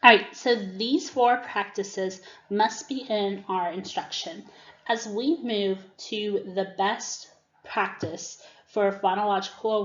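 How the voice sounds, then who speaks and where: A woman giving a teacher-training presentation on reading skills, acting out classroom prompts as she explains them. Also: mid-range voice. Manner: demonstrates classroom prompts, slow and deliberate. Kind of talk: instructional presentation. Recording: dull, roomy recording.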